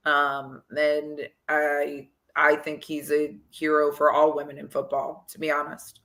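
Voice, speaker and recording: Guest slot: woman football coach, bright crisp voice, animated conversational storyteller. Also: deep voice, measured pace. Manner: animated, retells conversations with lots of "like" and "you know".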